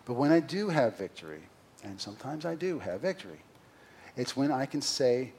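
Earnest pastor preaching a sermon. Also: male voice, medium pitch, very animated, normal speed, slight background noise. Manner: earnest, confessional, swings between loud emphasis and quiet asides. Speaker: senior pastor. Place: church sanctuary.

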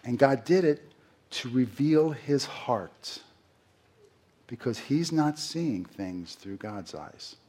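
Man, middle-aged, pastor, sermon, husky voice, conversational, rhetorical questions. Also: mid-range voice, expressive, takes it slowly, darkish tone. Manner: conversational preaching with rhetorical questions and acted-out quotes.

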